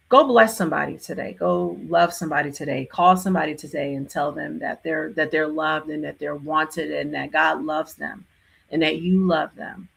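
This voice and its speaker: Woman livestream host, lowish gravelly voice with a husky rasp, casual and affectionate. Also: a bit bright. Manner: affectionate, repeats loving farewells. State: tearful near the end. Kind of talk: casual live Q&A chat.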